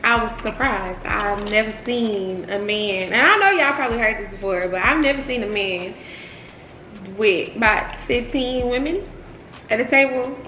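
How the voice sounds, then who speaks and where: Bright, giggly young Texan woman. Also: fairly high pitch, expressive, normal speed. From Texas, United States. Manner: giggly, playful, chatty. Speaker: co-host of a couples channel. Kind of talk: casual mukbang chat. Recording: echoey room with faint hum.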